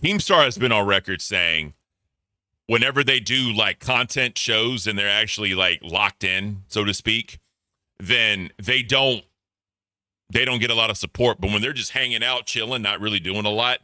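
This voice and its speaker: A man's voice: fairly low pitch, moderate pace, pushed and bright, clear, resonant tone, dry recording, clean studio sound. A man doing casual reaction commentary, blunt and profane, reading donor messages aloud. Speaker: commentary streamer.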